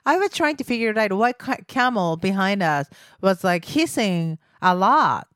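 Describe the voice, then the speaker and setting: A woman's voice: mid-range voice, big pitch swings, moderate pace, fairly bright tone, dry recording. Giggly female co-host with a nasal voice, casual rambling delivery, dry sound. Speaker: podcast co-host. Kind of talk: casual chat.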